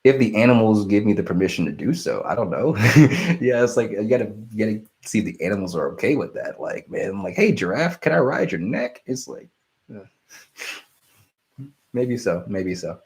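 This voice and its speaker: A man's voice: fairly low pitch, lively intonation, moderate pace, darkish tone. A young man hosting a casual live stream, rambling and apologetic as he answers viewer questions. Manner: rambling, self-interrupting, apologetic.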